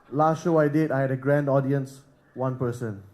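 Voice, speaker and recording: A man from Singapore doing a stand-up set on a comedy club stage, with a deadpan, self-deprecating delivery. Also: mid-range voice, unhurried.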